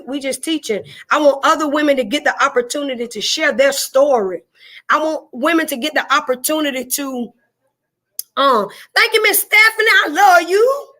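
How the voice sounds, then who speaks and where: Woman, Southern drawl, high voice, casual live-stream chat, folksy, repeats phrases. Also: fairly bright tone. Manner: folksy, repeats herself, greets viewers by name.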